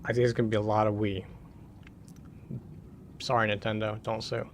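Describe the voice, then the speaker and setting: A man's voice: on the low side, flat delivery, normal speed, slight background noise. A man streaming a horror game, muttering casual commentary and tossing sarcastic asides to the game and his chat. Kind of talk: casual let's-play commentary.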